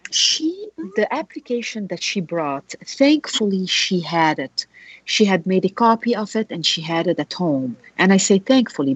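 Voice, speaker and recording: A woman lawyer speaking as a guest on a radio law show, telling a client's story with animated rhetorical questions. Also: medium pitch, husky, dry recording, rough recording.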